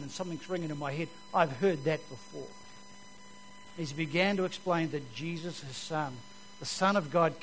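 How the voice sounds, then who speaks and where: A man giving a personal testimony to an audience, telling it vividly and moving from loud to hushed. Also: on the high side, a little hiss or hum, poor audio. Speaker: speaker giving his testimony.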